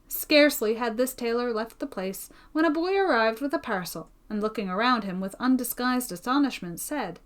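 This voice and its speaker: A woman reading a Victorian novel aloud as an audiobook reader, in a measured storytelling manner. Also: a little high.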